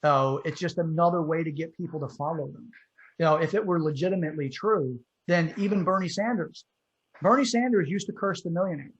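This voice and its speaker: A man's voice: on the high side, fairly quick, poor audio. A man hosting a podcast, chatting bluntly and profanely about politics. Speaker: podcast host. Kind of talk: casual political chat.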